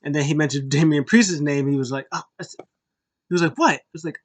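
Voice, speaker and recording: A man casually recapping a wrestling show, rambling with many fillers and restarts, getting animated when he retells what was said. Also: fairly high pitch, a little slow.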